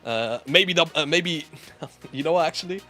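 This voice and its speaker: A man's voice: a little high, moderate pace, pushed and bright, faint music behind. A man co-casting a live esports broadcast, rambling playfully and often correcting himself mid-thought. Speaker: esports caster. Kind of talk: casual live esports commentary.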